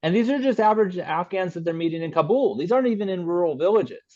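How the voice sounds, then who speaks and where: Halting male author on a dull line. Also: high voice, animated, warm tone, no echo. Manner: halting, many fillers and restarts. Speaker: author and podcast guest. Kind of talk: casual interview talk.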